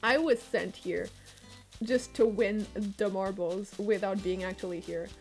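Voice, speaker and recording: A young woman chatting casually on a game stream, excitable and swearing, with frequent laughs. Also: mid-range voice, a little slow, faint music behind. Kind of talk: casual live-stream chat while gaming.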